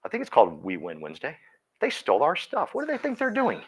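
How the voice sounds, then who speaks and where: A man speaks to a live audience with an animated, sweeping voice that rises and drops. His delivery is emphatic, and he often turns to single listeners by name. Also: a little high, fast talker, breathy edge. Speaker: speaker at a real estate team meeting. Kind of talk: motivational talk to a live audience.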